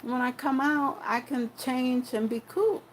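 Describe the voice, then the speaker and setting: A woman's voice: high-pitched, fairly even intonation, measured pace, a little hiss or hum, low-quality recording. A young woman telling a personal story in a frank, rambling, profane way, full of restarts and asides.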